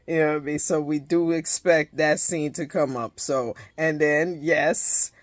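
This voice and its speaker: A woman's voice: low-pitched, steady tone, measured pace, no echo. A woman giving a casual, profane recap of a reality show episode, retelling scenes animatedly with many restarts. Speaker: reality TV reviewer.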